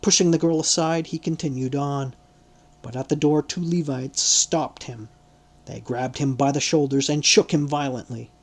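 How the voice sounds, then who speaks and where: A man narrating a literary audiobook in a measured, deliberate reading style. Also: a little high, steady tone.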